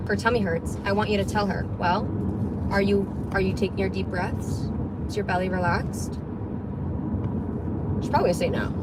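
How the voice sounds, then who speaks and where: Rambling young woman livestreaming from a car. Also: medium pitch. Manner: rambling, chatty, swears casually. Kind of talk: casual livestream chat. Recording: livestream in a car with road noise. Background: car and road noise.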